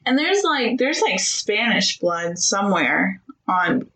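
A woman chatting casually with her husband, talkative, with many "like" fillers and quick laughs. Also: mid-range voice, sing-song, a bit bright, low-quality recording. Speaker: co-host talking with her husband. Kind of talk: casual chat.

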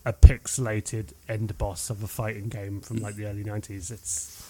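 A man's voice: fairly low pitch, little pitch movement, moderate pace, warm tone, a little hiss or hum. Chatty man rambling about films. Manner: rambling, trailing off, swearing. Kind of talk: casual film chat.

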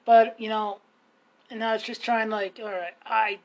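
A woman's voice: on the high side, flat delivery, measured pace, rough recording. A young woman in casual conversation, rambling through work stories with frequent laughter and acted-out quotes. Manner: rambling, laughs often, acts out quoted dialogue. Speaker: storyteller in casual chat. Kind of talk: casual chat.

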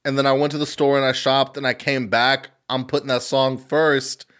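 A man's voice: medium pitch, little pitch movement, normal speed, a bit bright, smooth. Rambling young man, casual podcast chat. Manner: rambling, swears freely, does mocking impressions. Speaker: podcast co-host.

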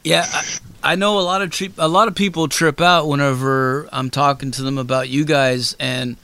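A man's voice: a little high, steady tone, normal speed, pushed and bright, no room sound. A man hosting a casual interview, rambling and swearing freely with lots of fillers. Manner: loose, profane, rambling with many fillers. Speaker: host.

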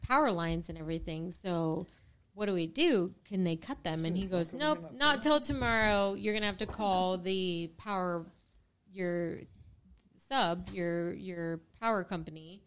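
A young woman in casual chat, telling a story with lively quotes and casual swearing. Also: fairly low pitch, a little slow. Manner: animated, swears freely, acts out quotes.

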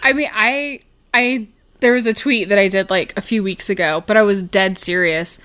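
A woman's voice: mid-range voice, normal speed, a bit bright, smooth. A woman, co-hosting a podcast in casual, giggly chat. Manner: giggly, chatty. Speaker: podcast co-host.

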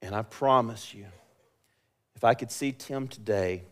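A young man preaching a sermon, moving between quiet, drawn-out, intimate lines and loud, impassioned passages. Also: lowish voice. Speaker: pastor.

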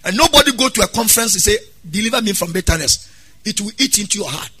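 Male pastor, sermon, husky and bright, loud sung-out preaching. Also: sits high, animated, fast talker. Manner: preaching with sudden loud exhortations and sung phrases.

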